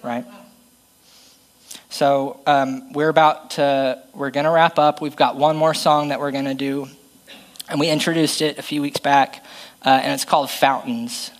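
A man's voice: mid-range voice, flat delivery, unhurried, rough recording. A man preaching a conversational, self-deprecating sermon and reading Bible passages aloud.

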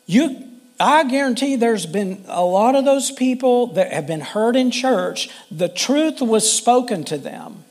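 A man's voice: very high voice, animated, measured pace. A male pastor preaching a sermon in an earnest, conversational way, often restarting his sentences.

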